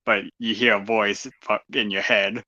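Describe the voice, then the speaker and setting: A low-voiced man takes his turn at a tabletop game and describes his character, pausing often as he hunts for words. The voice is close and dry, and the mic sounds dull and lo-fi. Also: level tone, bright, forceful tone, no echo. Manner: halting, searching for words. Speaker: player.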